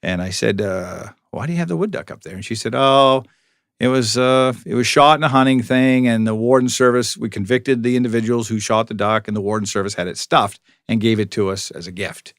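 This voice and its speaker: Speaking a little fast with fairly even intonation, this middle-aged man has a mid-range, slightly bright voice, heard in a dry recording. He's a police public information officer being interviewed as a guest, telling lengthy anecdotes with dry wit and many restarts.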